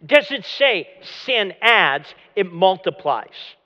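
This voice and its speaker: A man preaching a dramatic sermon as pastor, often dropping to a low hush at the end of a phrase. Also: sing-song, slow pace. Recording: long hall reverb, dull lo-fi sound.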